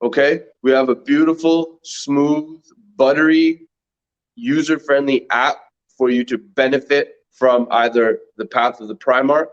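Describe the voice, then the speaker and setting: A man's voice: mid-range voice, steady tone, unhurried, lo-fi sound. A Canadian man co-hosting a casual podcast, chuckling now and then as he reads a text aloud. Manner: playful, chuckles while reading. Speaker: podcast co-host.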